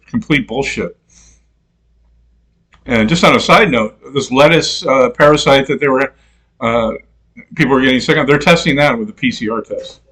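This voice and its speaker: A man with a mid-range, slightly bright voice rambles through stories in a casual rant. He swears freely, laughs at his own jokes and mimics other people in quoted voices.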